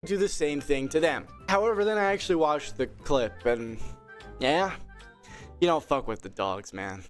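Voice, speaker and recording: A man's voice: on the high side, expressive, normal speed, soft background music. A man narrating a commentary video from a script, sarcastic and theatrical. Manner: sarcastic, theatrical, with sudden shouts.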